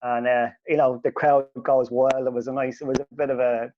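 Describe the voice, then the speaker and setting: Man, podcast host, animated sweary storyteller, mid pitch, dull recording. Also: fairly quick. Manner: animated, sweary, voice jumps up when quoting himself. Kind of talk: casual storytelling.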